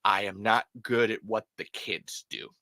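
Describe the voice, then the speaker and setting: Rambling, bright-voiced man in his thirties. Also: lowish voice, a little slow. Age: 30s. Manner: rambling, self-deprecating, swears, bursts into loud impressions. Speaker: livestream host. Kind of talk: casual livestream chat. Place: hot upstairs room.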